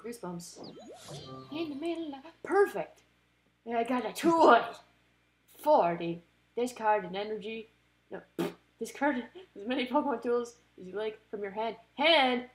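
A woman giving casual commentary while playing a card game, excitable, talking to the cards and groaning or cheering at each turn. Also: mid-range voice. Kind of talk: casual let's-play commentary.

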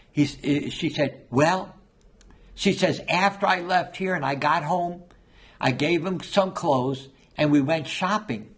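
Husky-voiced man preaching a sermon. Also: high-pitched, a bit bright. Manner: storytelling preacher, acts out quoted voices. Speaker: pastor.

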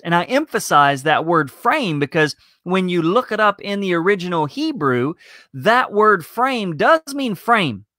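A middle-aged man, a pastor, giving a slow, emphatic teaching sermon full of rhetorical questions. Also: on the high side, bright, forceful tone, no echo, studio quality.

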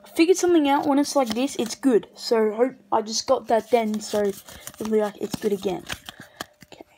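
A woman opening trading card packs on camera in casual commentary, breaking into excited shrieks over good pulls. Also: a little high, moderate pace, noisy background.

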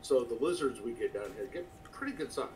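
A man telling profane stories with animated energy in casual livestream chat. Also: medium pitch, a little fast, far from the mic, slight background noise, rough recording.

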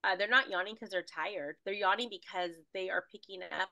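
A woman energy healer talking casually and animatedly, rambling with fillers as she guides a spiritual clearing. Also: mid-range voice, brisk, bright, forceful tone, dry recording, low-quality recording. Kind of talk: casual spiritual healing talk.

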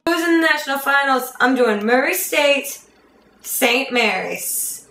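A woman's voice: high voice, animated, measured pace, pushed and bright, roomy sound, faint music behind. A woman vlogger from near Philadelphia, chatting casually with playful, sarcastic asides. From United States, near Philadelphia. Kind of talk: casual jokey vlog.

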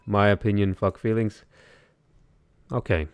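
A man's voice: low-pitched, normal speed, dry recording. A man with an Irish accent, chatting loosely while streaming a strategy game and reading viewer comments, full of "like" fillers and restarts. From Ireland. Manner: rambling, many "like" fillers and restarts. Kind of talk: casual livestream commentary.

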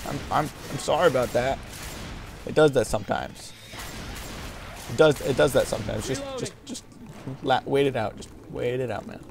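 A man doing casual let's-play commentary, excitable and full of yelps and exclamations. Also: medium pitch, moderate pace, vocal fry, long pauses, music in the background. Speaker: gameplay commentator.

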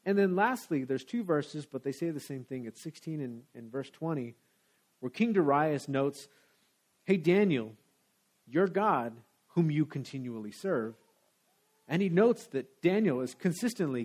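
A man's voice: a little high, very animated, normal speed, a little mellow. Man preaching a casual sermon. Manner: conversational, casual preaching with restarts. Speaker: pastor. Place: church sanctuary.

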